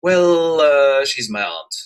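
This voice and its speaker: A man voicing a flustered, evasive young gentleman who stammers and hesitates. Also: medium pitch, very animated, slow pace, smooth, voice pushed up.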